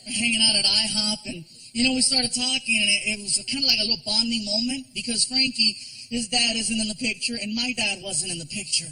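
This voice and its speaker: High, bright-voiced male stand-up comic. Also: fairly quick, rough recording. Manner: animated storytelling with voices and shouted punchlines. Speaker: stand-up comedian. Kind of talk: stand-up comedy routine.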